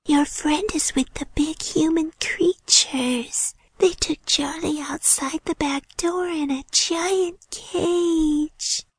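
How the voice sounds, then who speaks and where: A woman voicing a tiny brown mouse who bargains slyly, speaking in a hushed whispery squeak. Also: fairly even intonation, slow, hardly any pauses, no room sound.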